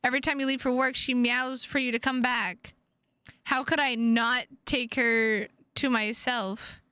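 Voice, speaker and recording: A woman's voice: a little high, fairly even intonation, measured pace, pushed and bright, smooth, dry recording. A woman voicing a possessive young male captor, speaking curtly and scolding. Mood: cold. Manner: curt, scolding. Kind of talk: visual novel read-aloud.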